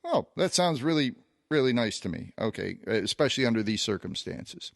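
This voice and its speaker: A man's voice: medium pitch, very animated, normal speed, creaky, no echo, clean studio sound. A man co-hosting a podcast, recounting a long personal anecdote in a casual storytelling way, with plenty of fillers and restarts. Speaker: podcast co-host.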